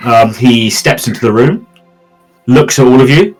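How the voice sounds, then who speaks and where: A man's voice: medium pitch, expressive, measured pace, faint music behind, poor audio. A man narrating a tabletop game as game master, describing scenes loosely with many fillers.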